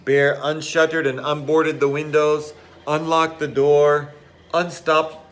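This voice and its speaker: A man who teaches English reading a storybook aloud to children, slowly and expressively. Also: fairly high pitch. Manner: slow, expressive, animated.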